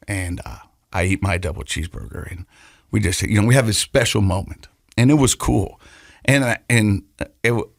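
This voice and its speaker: A podcast co-host tells a personal story earnestly, halting and repeating words as he goes. His voice sits low, and the recording is dry.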